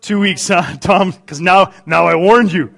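A middle-aged man preaching a sermon, humorous, swinging between loud emphasis and quiet asides. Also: high voice, measured pace, creaky. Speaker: pastor.

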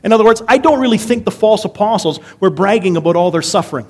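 A man preaching in a relaxed, conversational sermon style, his voice sitting a little higher than most men's. He keeps things lively with rhetorical questions and chatty asides to his listeners. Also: fast.

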